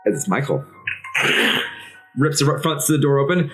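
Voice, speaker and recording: Man, game master, tabletop game narration, measured, descriptive, mid pitch. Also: big pitch swings, soft background music, low-quality recording.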